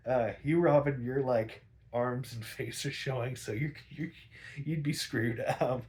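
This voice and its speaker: Rambling young man recapping episodes. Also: darkish tone. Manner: rambling, laughs often, acts out characters in quick high voices. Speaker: podcast host recapping episodes.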